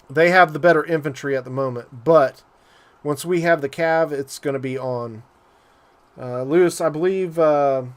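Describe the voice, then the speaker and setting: A man's voice: fairly high pitch, smooth. A man giving loose, joking commentary while live-streaming a strategy game, with frequent fillers and asides to his viewers. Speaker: gaming streamer.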